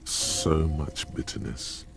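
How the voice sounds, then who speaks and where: An actor voicing a wry inner narrator in a detective video game, with a deep, gravelly voice and dry, knowing remarks. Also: male voice, takes it slowly, a little hiss or hum, close to an everyday voice.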